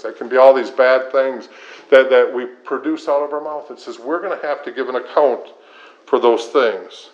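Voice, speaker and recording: Earnest male pastor preaching. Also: medium pitch. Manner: earnest, repetitive preaching cadence. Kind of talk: sermon. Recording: slightly dull lo-fi sound.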